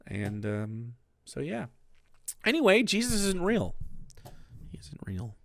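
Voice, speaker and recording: A man streaming live, giving casual, sarcastic, rambling commentary with animated bursts. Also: medium pitch, slow, vocal fry, no room sound.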